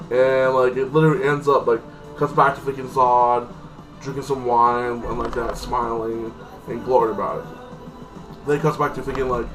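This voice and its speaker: A man's voice: medium pitch, distant mic, rough recording. A man giving a casual, rambling recap of a TV episode, often saying "like this" and "like that" and swearing offhand. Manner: rambling, heavy use of "like this" and "like that". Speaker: TV episode reviewer.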